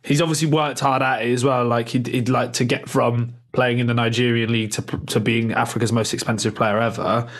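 A man's voice: medium pitch, level tone, fairly quick, hardly any pauses. A man co-hosting a football podcast in casual chat, rambling, laughing often and swearing freely. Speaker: podcast co-host.

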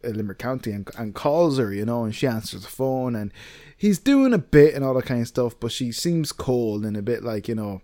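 A man's voice: mid-range voice, animated, a little fast, mellow, no room sound, studio quality. A man with an Irish accent co-hosting a casual podcast, telling a long story in a rambling way, full of fillers and the odd swear word. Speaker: podcast co-host.

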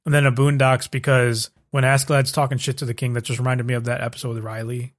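A man's voice: medium pitch, little pitch movement, fast. A young man hosting a podcast, recapping in a loose, profane, casual chat full of fillers. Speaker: podcast host.

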